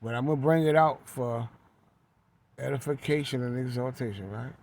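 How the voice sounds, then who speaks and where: A man's voice: medium pitch, moderate pace, a little mellow, a little hiss or hum. A man preaching a fervent sermon while on the move, repeating phrases and tagging lines with "right?". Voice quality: repetitive, emphatic, tags lines with "right?". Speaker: street preacher.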